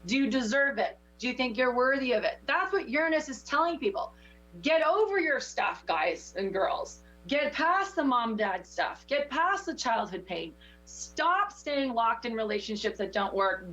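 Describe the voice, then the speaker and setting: A woman with a fairly high voice coaches someone through a card reading, talking with passion and a preacher's push. The sound is dull and lo-fi, like local TV audio. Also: animated, unhurried, fairly bright tone. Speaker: spiritual teacher giving oracle card readings. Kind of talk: intuitive coaching chat.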